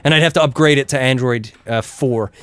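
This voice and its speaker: A man chatting casually to his chat while playing an action game, getting loud and excited during fights. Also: medium pitch, brisk, clear, resonant tone. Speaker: game streamer.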